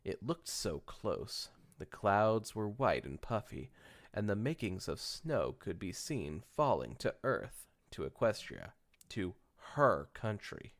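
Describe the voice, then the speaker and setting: A man's voice: lowish voice, very animated, takes it slowly. A man hosting a podcast, reading fan fiction aloud with casual joking asides, stumbling and correcting himself as he goes. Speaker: podcast host.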